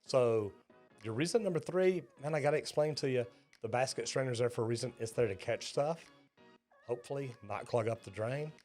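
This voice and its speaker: A man's voice: mid-range voice, brisk, darkish tone, soft background music. A man, a plumber hosting a reaction video, explaining things in a friendly, folksy way. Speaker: plumber and host reacting to a clip. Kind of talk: reaction commentary.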